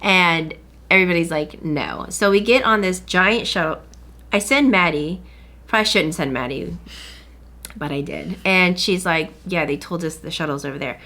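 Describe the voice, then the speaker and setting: Woman podcast host with a bright, sharp voice. Chatty storyteller who acts out other people's lines. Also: lowish voice, normal speed. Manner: animated retelling, acting out other people's lines. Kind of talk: casual storytelling chat.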